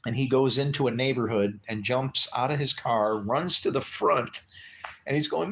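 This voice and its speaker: A man's voice: medium pitch, normal speed, gravelly, slight background noise. Middle-aged man telling a wild story. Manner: animated, acts out voices in his story. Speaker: livestream host. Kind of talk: casual storytelling.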